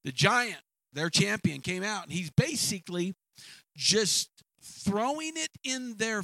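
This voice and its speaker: A man's voice: high-pitched, fairly bright tone, dry recording, low-quality recording. A man preaching a sermon, retelling a scripture story with dramatic acted asides and stammering restarts.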